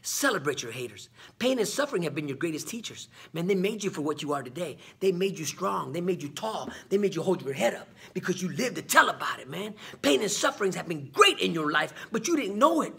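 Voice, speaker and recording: Vlog host, man, high husky voice, preachy motivational delivery, peppers lines with "man". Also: sing-song, a little fast, few pauses, sharp tone. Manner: preachy, repeats "man" and "come on"; call-and-response questions. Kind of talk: motivational talk to camera.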